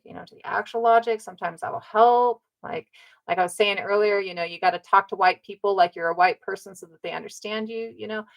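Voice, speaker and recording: A woman's voice: on the low side, gravelly, pushed and bright, rough recording. A woman from North America giving an emphatic, casual talk, who repeats her points and keeps checking in with "right?". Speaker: speaker on ancestry and community.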